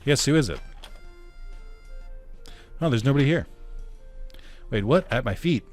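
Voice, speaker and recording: A man's voice: expressive, unhurried, soft background music, lightly acted. A man voicing a flustered young girl who runs a shop, stammering and panicky. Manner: stammering, panicky, raised pitch.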